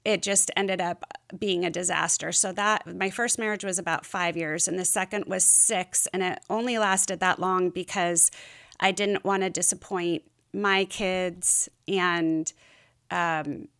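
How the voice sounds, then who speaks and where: A woman's voice: lowish voice, steady tone, measured pace, gravelly, a bit bright. A middle-aged woman speaking as a podcast guest, telling her story candidly and rambling a little, with plenty of fillers. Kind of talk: casual interview chat.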